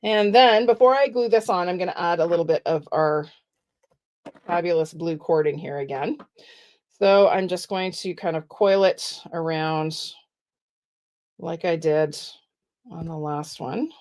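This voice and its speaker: A middle-aged woman giving a chatty, step-by-step live craft tutorial with soft asides. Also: on the low side, measured pace, long pauses. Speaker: card-making demonstrator.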